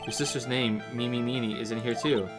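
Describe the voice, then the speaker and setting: A man's voice: medium pitch, steady tone, fairly quick, over music, close to an everyday voice. A man voicing an earnest young male defense lawyer, questioning witnesses steadily. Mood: probing.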